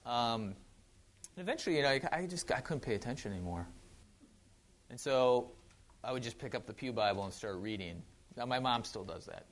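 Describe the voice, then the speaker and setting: A man's voice: mid-range voice, expressive, fairly quick, long pauses. A man with a Wisconsin accent giving a casual sermon, chatty with joking asides and frequent restarts. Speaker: pastor.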